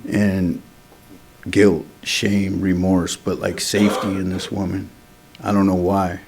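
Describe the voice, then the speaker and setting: A man's voice: low-pitched, level tone, slow pace, a crowd in the background. A man speaking at a recovery meeting, telling his own story in a candid, street-casual way. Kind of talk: personal recovery testimony.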